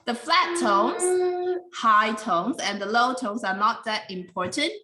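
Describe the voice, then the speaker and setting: A woman's voice: on the high side, animated, unhurried, bright, forceful tone, echoey room, low-quality recording. A woman teaching an English pronunciation class, patiently explaining and calling on students by name.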